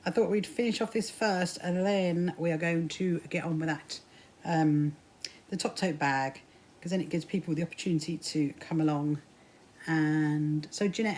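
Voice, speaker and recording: A woman's voice: on the low side, a little mellow. A woman with a mixed Kentish and Sussex English accent, chatting casually with livestream viewers while she sews, greeting them by name and laughing often. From south coast of England. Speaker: livestream host. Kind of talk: casual chat while sewing.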